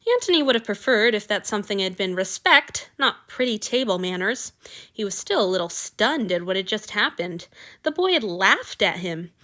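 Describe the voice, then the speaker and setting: Bright-voiced woman narrating an audiobook. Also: medium pitch. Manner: expressive storytelling. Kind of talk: audiobook fan fiction reading.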